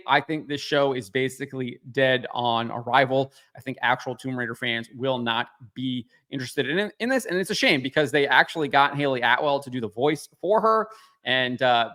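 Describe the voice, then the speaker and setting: A man's voice: mid-range voice, sharp tone. Man giving dismissive pop-culture commentary. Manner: critical, dismissive, frequent "uh" fillers. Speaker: commentary channel host. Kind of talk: casual opinion commentary.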